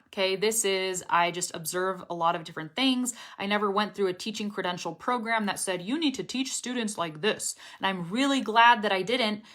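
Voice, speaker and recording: A woman's voice: mid-range voice, a bit bright. Chatty upbeat young woman teacher. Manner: chatty, upbeat, reads viewer comments aloud. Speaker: English pronunciation teacher. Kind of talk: live stream Q&A lesson.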